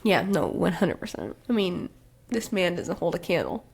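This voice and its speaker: A woman's voice: fairly low pitch, very animated, moderate pace, gravelly, a little mellow, slightly rough. A woman co-hosting a podcast, casually reviewing a book with a sarcastic, profane, laugh-filled manner. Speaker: podcast co-host.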